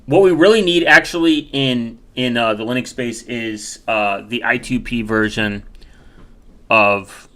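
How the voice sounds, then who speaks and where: A man's voice: medium pitch, unhurried, fairly bright tone. A man from the United States rambling casually while browsing, with many fillers and self-corrections.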